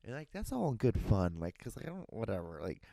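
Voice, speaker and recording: A man's voice: on the low side, very animated, brisk, creaky, warm tone, dry recording. A young man hosting a solo podcast, rambling with frequent restarts and casual swearing. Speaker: podcast host.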